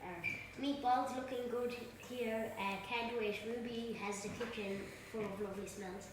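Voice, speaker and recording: Off-mic female assistant, slow and hesitant, voice ringing in a clattery kitchen. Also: fairly high pitch, fairly even intonation, background noise. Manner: soft, hesitant reading aloud. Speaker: assistant reading viewer comments. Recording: distant, echoey kitchen with clattering dishes.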